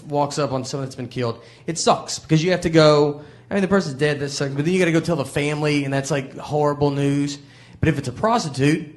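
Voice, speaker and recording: Deadpan Southern man doing stand-up. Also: a little high. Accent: Southern US, Tennessee. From Tennessee. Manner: deadpan, laid-back storytelling with hesitant fillers. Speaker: stand-up comedian. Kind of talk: stand-up comedy set. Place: live comedy venue with audience. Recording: echoey live venue with audience laughter.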